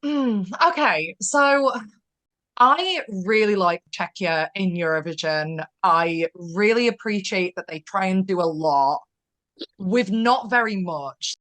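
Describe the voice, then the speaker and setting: A woman's voice: medium pitch, a bit bright. Chatty woman co-hosting a podcast. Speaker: podcast co-host. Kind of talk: casual podcast chat.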